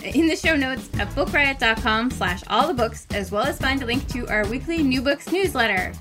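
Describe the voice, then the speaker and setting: A woman co-hosting a casual book podcast, excited and playful as she talks about what she'll read next. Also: sits high, normal speed, music in the background. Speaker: podcast co-host.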